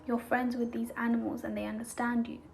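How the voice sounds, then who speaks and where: A woman's voice: fairly high pitch, level tone, fairly quick, gravelly, darkish tone, slight background noise. A woman reading the lines of a bewildered shipwrecked young man, in a confused, questioning way.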